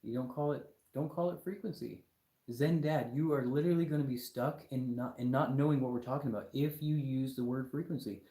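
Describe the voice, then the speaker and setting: A young man lectures his live-stream chat in an argumentative, mocking way. His voice is mellow and dark in tone. It sounds like a room with a lot of echo. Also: mid-range voice, fairly quick. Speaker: livestream host.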